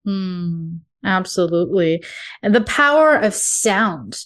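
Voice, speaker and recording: A woman's voice: lowish voice, expressive, slow pace, fairly bright tone. A woman hosting a podcast interview, asking thoughtful questions and giving frequent listening murmurs. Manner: attentive, frequent "mm" listening cues. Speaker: podcast host.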